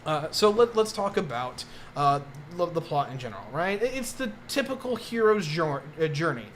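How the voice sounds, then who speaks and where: Man, casual live-stream review, rambling with fillers, slightly high voice, faint background hum. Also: sing-song, normal speed. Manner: rambling, many fillers and restarts.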